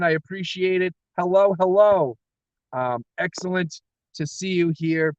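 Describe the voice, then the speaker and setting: An upbeat man chats on a solo livestream from inside his car, full of energy, laughing at himself as he goes. His voice sits a little high, and the sound is dry and close, slightly dull. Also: dry recording. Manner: energetic, laughs often, self-deprecating. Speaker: comic creator livestreaming. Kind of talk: rambling solo livestream chat. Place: parked car.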